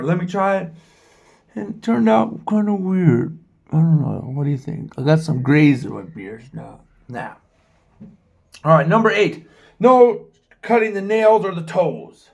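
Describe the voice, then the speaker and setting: A travel vlogger from the United States, in his forties, addresses his own camera in a rambling, outspoken vlog full of swearing. Captured by the camera mic, his voice sits high and is gravelly yet a little mellow.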